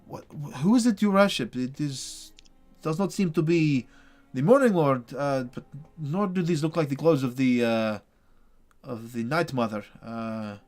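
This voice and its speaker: Guy doing a shy stammery priest in a tabletop game, polite, mid-pitched. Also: darkish tone, natural voice. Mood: curious. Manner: halting, stammering, apologetic. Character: meek, earnest middle-aged male priest, hesitant.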